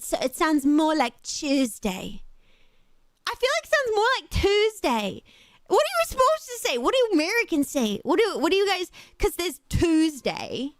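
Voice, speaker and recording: A woman's voice: very high-pitched, no echo, clean studio sound. A young British woman streaming and chatting casually, rambling and laughing often. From United Kingdom. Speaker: VTuber streamer. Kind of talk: casual livestream chat.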